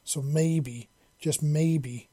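A man's voice: a little high, fairly even intonation, drawn-out words, dark tone, husky, dry recording, exaggerated voice. A man voicing a tough, defiant male wasteland leader who swears freely in a story reading. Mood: determined.

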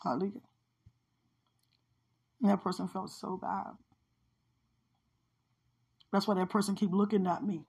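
A woman's voice: mid-range voice, fairly even intonation, a little slow, vocal fry, pauses often, a little mellow, breathy edge. A woman minister sharing a personal spiritual testimony in a heartfelt, conversational way, often repeating phrases for emphasis.

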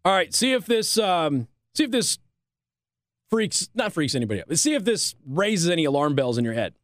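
A man's voice: a little high, no room sound. A man hosting a talk radio show in a studio, delivering a sarcastic, opinionated monologue and laughing at his own jokes.

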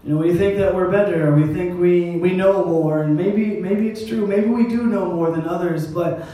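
High-voiced man preaching in an echoey hall. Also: steady tone, moderate pace, warm tone. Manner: conversational preaching with asides and self-deprecating humor. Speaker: pastor. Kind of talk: sermon. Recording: echoey hall, mic at a distance.

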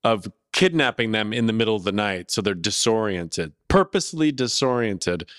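A man co-hosting a podcast, talking in a rambling, profane way with sudden loud bursts. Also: on the low side, animated, moderate pace, no echo, studio quality. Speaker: podcast co-host. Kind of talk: casual chat.

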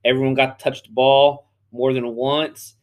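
A man's voice: mid-range voice, level tone, moderate pace, clean tone. A man co-hosting a podcast, telling rambling stories in casual chat and laughing often; he coaches youth flag football. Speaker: podcast co-host.

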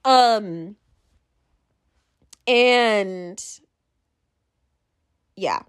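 A woman's voice: mid-range voice, very slow, smooth, no room sound, studio quality. A young woman talking casually to camera in a rambling monologue, full of fillers, restarts and sudden swings.

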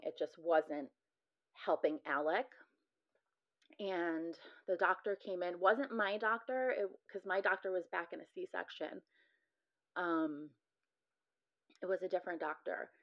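A woman's voice: on the low side, a little slow, pauses often. A woman in her thirties, a podcast guest, retelling a frightening experience with many "like" fillers. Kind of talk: recounting a personal story. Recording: muffled lo-fi audio.

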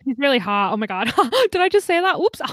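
A woman's voice: high voice, no echo, studio quality. A woman improvising a bubbly, giggly character who rambles with many fillers in a comedic role-play.

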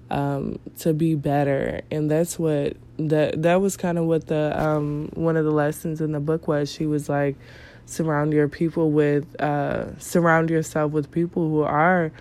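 Slow, low-voiced nasal woman podcaster. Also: little pitch movement, a little mellow. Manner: rambling, many fillers and restarts. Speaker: podcast host. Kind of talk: casual solo podcast talk.

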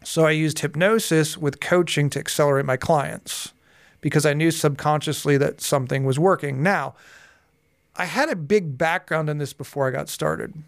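A man in his forties, a guest on a podcast interview, telling personal stories in a lively way and acting out the dialogue. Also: fairly high pitch, moderate pace, vocal fry, no echo, studio quality. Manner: lively storyteller who acts out dialogue. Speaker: guest, hypnotherapist and coach.

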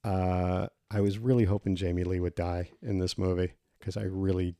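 A man co-hosting a podcast in casual chat, blunt with his opinions and quick to laugh. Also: deep voice, little pitch movement, dark tone, no room sound. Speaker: podcast co-host.

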